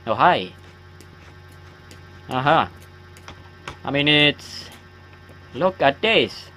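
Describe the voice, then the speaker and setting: A man's voice: fairly high pitch, animated, extremely slow, bright, forceful tone, soft background music. A man rambling casually while playing a horror game, joking at himself and yelping at scares. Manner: chatty, self-mocking, bursts into yelps at scares. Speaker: gaming YouTuber. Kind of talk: rambling let's-play chat.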